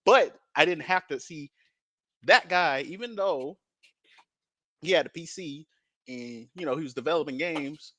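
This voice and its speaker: Male podcast host, casual chat, emphatic and profane; high, lively voice, dry sound. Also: measured pace, long pauses, no room sound. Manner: animated, acts out quoted dialogue.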